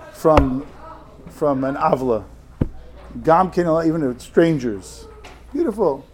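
A man giving a Torah lecture to students, talking in halting bursts with many restarts and Hebrew and Yiddish terms. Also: fairly high pitch, a little mellow, a little hiss or hum. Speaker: yeshiva rebbe.

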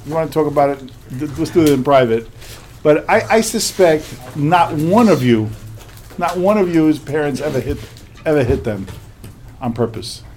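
A man's voice: fairly high pitch, darkish tone, slight background noise. Man telling a repetitive, emphatic story. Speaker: religious teacher. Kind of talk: storytelling lesson to a class.

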